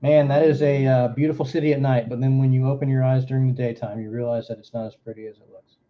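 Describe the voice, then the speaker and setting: A man's voice: medium pitch, steady tone, fast talker, highs cut off. A man from Florida with a Southern accent, hosting a livestream in casual, joking, rambling chat. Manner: rambling, joking, drawling asides. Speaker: livestream host.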